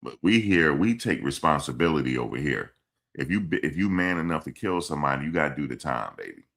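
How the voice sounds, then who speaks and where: A man hosts a casual live stream and answers chat comments. His voice sits extremely low and has a rough, gravelly fry. He talks bluntly and repeats himself as he scolds commenters. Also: animated, fast, fairly bright tone. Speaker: livestream host reading chat. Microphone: streaming mic.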